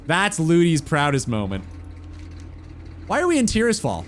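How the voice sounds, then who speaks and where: A man's voice: fairly high pitch, wildly swooping pitch, normal speed, long pauses, slight background noise. A man chatting casually on a gaming stream, rambling and swearing offhandedly.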